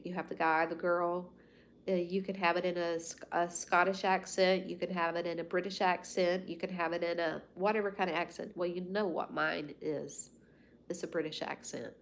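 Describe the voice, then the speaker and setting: A Southern US woman in her fifties rambling folksily as she hosts a casual livestream chat from home. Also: lowish voice. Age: 50s. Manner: rambling and folksy, with soft asides. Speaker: livestream host. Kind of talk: casual chat with live viewers.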